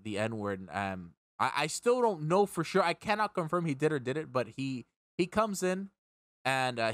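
A man's voice: medium pitch, fairly bright tone, no room sound. Rambling, profane young man telling a story. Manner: rambling, profane, repeats words when worked up. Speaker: streamer and podcast host. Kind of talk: casual storytelling chat.

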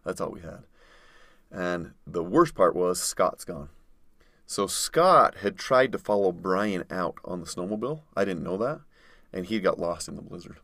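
A man's voice: low voice, lively intonation, measured pace. A man, a podcast guest, vividly telling a survival story in conversation. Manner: vivid storyteller, acts out others' shouting.

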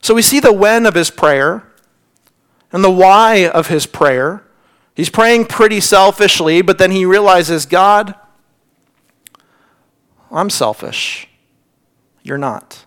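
A man preaching a sermon as pastor, earnest, often repeating words as he stresses a point and sinking to a hush on key lines. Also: high-pitched, unhurried, clear, resonant tone. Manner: drops to a hushed near-whisper on key lines.

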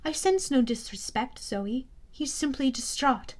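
Woman narrator as a cool, commanding girl goddess, slow and measured, high voice. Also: a little mellow. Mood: stern calm. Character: stern, calm young goddess of the hunt, girl.

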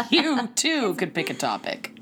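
A woman's voice: a little high, fairly bright tone, a little hiss or hum. A woman co-hosting a podcast in casual chat, bubbly and laughing often. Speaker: podcast co-host.

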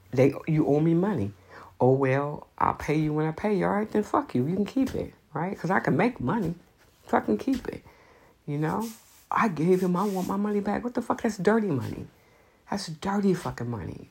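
Low, husky-voiced woman ranting bluntly. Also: darkish tone. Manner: blunt, profane, emphatic. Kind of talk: unscripted monologue giving blunt advice.

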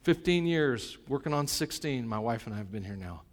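A middle-aged male pastor preaches a sermon, shifting between soft, reflective asides and loud, fervent stretches. His mid-range voice is animated and moves at a moderate pace, with a long reverb tail behind it.

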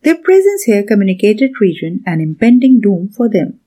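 A woman narrating a scripted story in a measured, steady reading. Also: mid-range voice.

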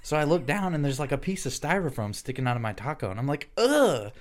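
A man's voice: medium pitch, quick pace, very noisy. A man hosting a podcast, telling crude stories in casual chat and acting out the lines of the people in them. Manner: profane, animated storyteller acting out quotes. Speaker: podcast host.

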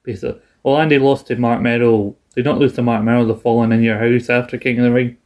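Young Scottish man, podcast co-host, loose rambling chat, mid-pitched, swears. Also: steady tone, fast talker, darkish tone. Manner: rambling, restarts often, laughs along, swears freely. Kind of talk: casual chat.

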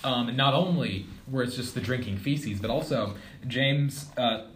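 A young man talks in a dry, wry way, happy to lay out facts mid-chat. His voice bounces around a roomy space, and steady background noise sits under the recording. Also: mid-range voice, unhurried. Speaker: podcast co-host. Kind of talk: casual chat. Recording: noisy, echoey room recording.

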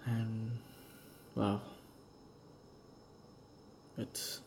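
A young man talks through a loose solo podcast, drifting between thoughts and dropping casual curses. His voice is gravelly with a dark, mellow tone. Faint background noise sits under the speech. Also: fairly low pitch, level tone, extremely slow. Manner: rambling, musing and swearing freely. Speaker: podcast host.

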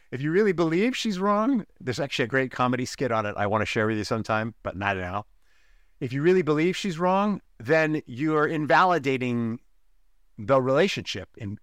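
A man's voice: medium pitch, a bit bright, dry recording, clean studio sound. A man hosting a relationship podcast, giving an emphatic teaching monologue and repeating key lines for effect. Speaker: podcast host, relationship coach.

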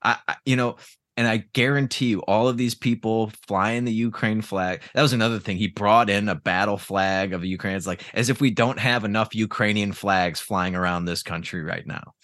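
A man with a fairly low voice rants in casual podcast chat, swearing freely and leaning on sarcasm. The sound is dry and close, with no room around it. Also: steady tone, normal speed, fairly bright tone, no room sound. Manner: profane, ranting, sarcastic.

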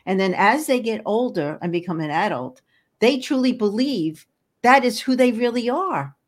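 An older woman who works as an energy healer speaks as a guest in a casual interview, her voice on the high side, animated and at a normal speed. She talks earnestly and often repeats words while searching for the right ones.

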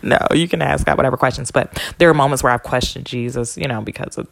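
A woman's voice: quick pace, dry recording. A woman hosting a casual solo podcast as a spiritual healer, talking candidly and swearing freely. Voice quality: gravelly low voice.

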